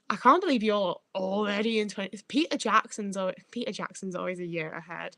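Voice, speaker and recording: A woman chats casually to her livestream audience, sweary and meandering, often stopping to find her words. Her voice sits at an ordinary middle pitch, and the sound is close and dry with no room echo. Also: fairly quick, hardly any pauses, pushed and bright. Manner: rambling, sweary, self-interrupting. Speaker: livestream host. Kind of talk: casual live-chat rambling.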